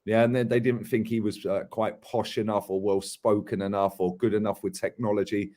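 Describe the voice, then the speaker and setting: Lower-voiced man telling lively stories. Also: a little fast. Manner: animated storytelling, laughs often, many fillers. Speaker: host. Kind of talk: casual podcast chat.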